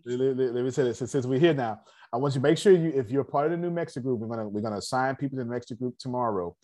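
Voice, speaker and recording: A man's voice: mid-range voice, rapid-fire, warm tone. A man hosting an online business meeting, giving a casual motivational talk, repeating himself and often checking that listeners understand.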